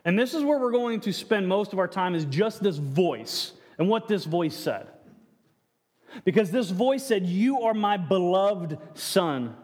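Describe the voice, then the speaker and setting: Male pastor, high voice, preaching casually with restarts and questions to the pews; long hall reverb. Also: big pitch swings, a little slow, darkish tone. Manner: frequent restarts, rhetorical questions to the congregation. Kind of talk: conversational sermon.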